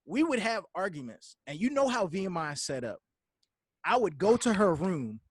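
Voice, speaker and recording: A man co-hosting a casual podcast, telling animated stories and acting out quoted dialogue. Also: sits high, moderate pace, husky, no echo. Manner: laughing, joking with cohosts. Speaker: podcast co-host.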